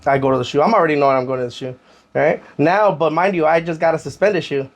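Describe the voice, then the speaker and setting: A man, a podcast guest casually telling his own story in animated slang and acting out what others said. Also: fairly high pitch, fast. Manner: animated, acts out other people's lines, heavy slang.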